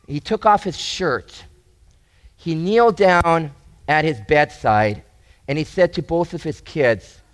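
A man preaching a sermon with a slightly high voice. He speaks earnestly, repeats and restarts his phrases, and lifts his voice to stress a point. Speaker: pastor.

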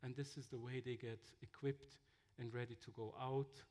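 A man telling mission stories in a sermon, halting with fillers and restarts. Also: medium pitch, flat delivery, a little mellow. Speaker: missionary speaker. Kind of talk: sermon-style storytelling.

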